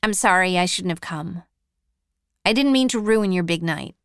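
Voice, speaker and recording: A woman's voice: fairly low pitch, animated, normal speed, a bit bright, clear, resonant tone, dry recording, clean studio sound. A woman reading a remorseful teenage boy.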